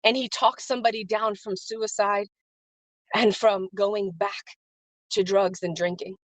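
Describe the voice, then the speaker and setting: This woman speaks at a measured pace with a flat delivery in a medium-pitched voice, and the clip has no room sound. She hosts a live stream as a faith-based business coach, giving an emotional, earnest motivational talk in which she repeats phrases and greets viewers by name.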